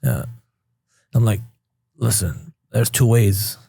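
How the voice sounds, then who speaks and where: A man's voice: lowish voice, takes it slowly, creaky, dark tone, breathy edge, no echo, clean studio sound. A man in his thirties from Queens, New York, a podcast guest telling his life story candidly and casually, swearing freely and acting out past conversations. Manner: blunt, swears freely, retells scenes with quoted dialogue.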